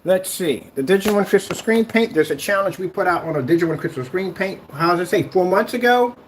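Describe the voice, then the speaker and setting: A man's voice: high voice, animated, fast, slight background noise. A man who makes screen paint, delivering a sarcastic, rambling online rant that taunts a rival.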